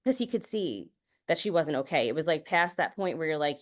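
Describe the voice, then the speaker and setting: A woman with a low-pitched voice talks casually on a podcast. She tells family stories candidly and swears without hesitation. Her speech is loose and full of fillers like "like" and "you know". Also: animated, a little fast. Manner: candid, swears freely, storytelling. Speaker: podcast guest. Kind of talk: casual chat.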